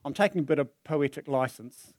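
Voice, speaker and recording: A man preaches a sermon, acting out the story with plenty of energy and his voice rising and falling. His voice sits slightly high for a man. The sound is close and dry, picked up on a microphone. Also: a little fast, no echo. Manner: animated, dramatizing the story with voices. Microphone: handheld or stand mic.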